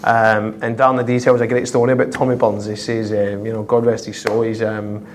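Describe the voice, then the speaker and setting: A man with a Scottish accent, a footballer guest telling prank-call stories with lively laughter and constant "I says". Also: fairly low pitch, brisk, slight background noise. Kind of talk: anecdotal storytelling.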